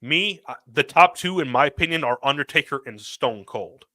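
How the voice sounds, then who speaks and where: A man with a bright, sharp voice co-hosts a casual podcast. He mostly answers in short agreements, then states his opinions firmly. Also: medium pitch, lively intonation, moderate pace. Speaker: podcast co-host. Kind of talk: casual chat.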